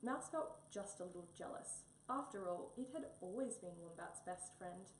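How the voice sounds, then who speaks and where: A woman's voice: lowish voice, normal speed. Woman reading a storybook aloud. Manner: expressive, storybook delivery. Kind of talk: reading a picture book aloud. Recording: echoey room, mic a bit far, faint hum.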